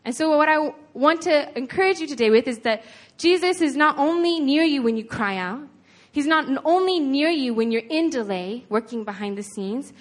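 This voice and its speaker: A woman preaching a sermon in an earnest, conversational way, retelling a scripture story with lots of casual "like"s. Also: high voice.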